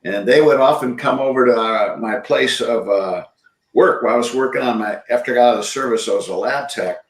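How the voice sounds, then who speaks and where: An older man, a guest magician, reminiscing in a halting way over a video call. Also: medium pitch. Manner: halting, searching for words. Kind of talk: reminiscing conversation. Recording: echoey room, far from mic.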